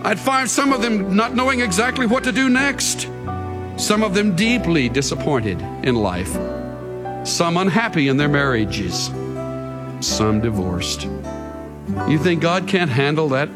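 A man preaching a sermon to a congregation in a large church, with a dramatic, drawn-out delivery that builds to shouting. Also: fairly high pitch, lively intonation. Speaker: pastor. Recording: hall reverb, faint music.

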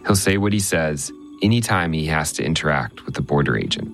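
A male radio reporter narrating a news story in a measured, conversational way. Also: very deep voice, lively intonation, a bit bright, soft background music.

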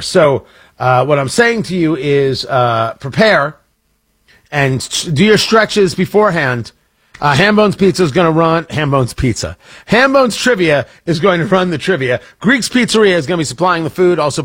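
Male morning radio host, rambling and jokey, slightly husky, dry studio sound. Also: fairly high pitch, fairly bright tone, no room sound. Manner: rambling, self-interrupting, jokey. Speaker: radio talk show host. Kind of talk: casual on-air chat and promo. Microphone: studio microphone.

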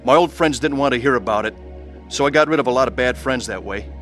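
A man's voice: mid-range voice, fast talker, fairly bright tone, faint music behind. A man giving an earnest, scripted testimony about his faith, with acted scenes. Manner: earnest, pleading. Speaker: testimony narrator.

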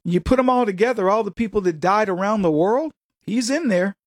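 Brisk and expressive, a high-voiced middle-aged man runs a political monologue full of emphatic opinions, digressions, sarcastic asides and anecdotes. The recording is dry and studio quality.

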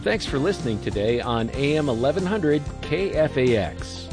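A male radio co-host doing smooth, measured scripted announcements. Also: medium pitch, very animated. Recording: music bed underneath.

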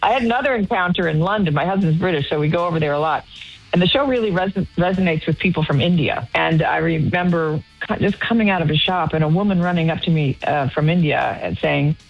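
Woman radio guest, low voice, animated storyteller, faint music underneath. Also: fast talker, lo-fi sound. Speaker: guest actress. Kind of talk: casual radio interview.

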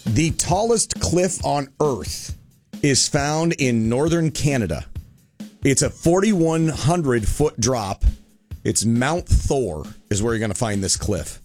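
A man with an American accent hosting a morning radio show, chatting in an upbeat, quick, bantering way. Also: mid-range voice, lively intonation, a little mellow, faint music behind. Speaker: radio host. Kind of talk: casual radio chat.

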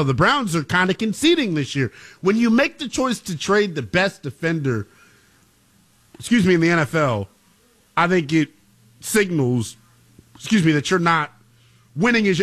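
Animated, high-voiced sports show co-host. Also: male voice. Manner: emphatic, playful, opinionated.

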